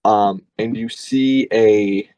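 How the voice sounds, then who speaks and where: Man game master, easygoing, halting narration, dry close sound. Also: fairly low pitch, fairly even intonation, warm tone, no echo, rough recording. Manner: casual, many fillers and restarts.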